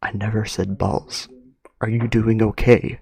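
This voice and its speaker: A man voicing a soft-spoken, polite and calm male friend who offers therapy, read aloud from a story. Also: mid-range voice, a little fast, breathy edge, no echo.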